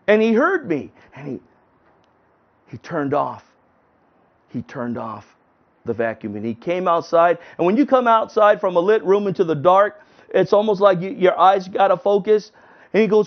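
A man telling a personal testimony in an earnest, halting way, often restarting his sentences. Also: sits high. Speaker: testimony speaker. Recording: dull lo-fi recording.

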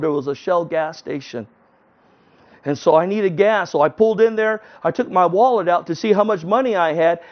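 A man telling a personal testimony in an earnest, halting way, often restarting his sentences. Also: sits high. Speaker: testimony speaker. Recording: dull lo-fi recording.

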